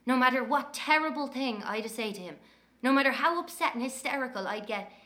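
A sharp-tongued Irish woman tells her story with brisk, earthy frankness, as an actress plays her. Her voice sits a little high, bright and forceful. She curses freely and keeps a dry bite in her telling. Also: lively intonation. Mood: candid, wry. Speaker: narrator recalling her twin brother. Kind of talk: dramatic first-person narration.

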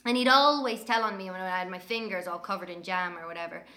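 An actress voicing a blunt, sharp-tongued Irish woman who narrates her childhood with an earthy, cursing manner. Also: lowish voice. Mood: candid, wry. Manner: brisk, earthy storytelling with cursing. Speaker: narrator recalling her twin brother. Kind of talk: dramatic first-person narration.

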